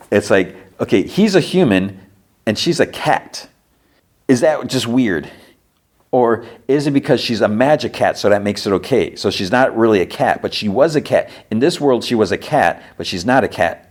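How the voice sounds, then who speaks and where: Deep-voiced man casually recapping a show. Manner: rambling, filler-heavy retelling with quick quoted lines. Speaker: podcast host.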